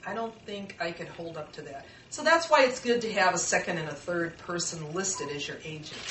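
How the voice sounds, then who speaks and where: A woman's voice: on the low side, fairly bright tone, a little hiss or hum. A middle-aged woman giving an informal workshop talk, earnest and conversational, with personal stories. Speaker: workshop presenter. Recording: echoey room, mic far off.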